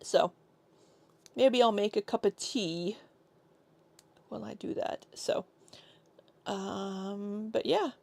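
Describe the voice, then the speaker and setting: A woman's voice: mid-range voice, slow, gravelly, long pauses, a little mellow. An American woman chatting casually with her viewers on a live stream, laughing often and joking around. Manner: chatty, laughs often, tries out silly accents.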